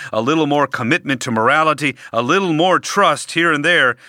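A man preaching a sermon, speaking deliberately and emphatically with dramatic pauses. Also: medium pitch, bright, forceful tone, no room sound, studio quality.

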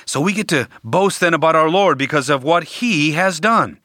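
A man preaching a sermon, speaking deliberately and emphatically with dramatic pauses. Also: on the high side, lively intonation, pushed and bright, no room sound, studio quality.

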